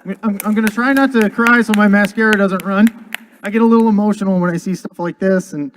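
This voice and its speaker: A man's voice: high-pitched, fairly even intonation, fast, a little hiss or hum. A man presenting his company at a convention seminar, joking and heartfelt as he rambles through the year's news on a handheld mic.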